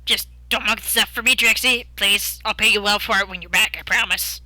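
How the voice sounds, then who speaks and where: A woman doing a bright, urgent friend pleading. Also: mid-range voice, steady tone, a little fast, dry recording.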